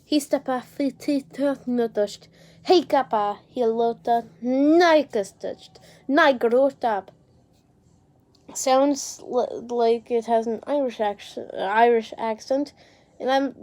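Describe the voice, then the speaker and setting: A woman with a somewhat high voice talks casually to the camera. She rambles, restarts her sentences and drops in a swear word now and then as she sounds out invented words. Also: darkish tone. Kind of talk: casual talk to camera, showing off an invented language.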